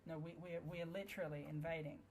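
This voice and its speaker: A woman's voice: low-pitched, steady tone, fast talker, a little mellow, a little hiss or hum. A woman giving let's play commentary on a strategy game, sarcastic and playful, with frequent swearing. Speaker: gamer.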